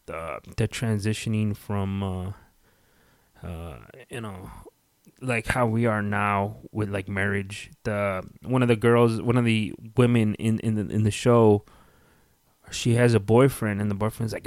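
Low-voiced man telling rambling stories. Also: steady tone, a little slow, no echo, clean studio sound. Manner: rambling storyteller, profane, many fillers. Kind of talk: casual podcast chat.

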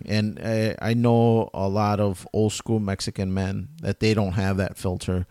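A man's voice: lowish voice, level tone, measured pace, warm tone, clear, resonant tone, dry recording, studio quality. A man in his thirties with young kids, co-hosting a casual chat and explaining his views at length. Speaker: podcast co-host.

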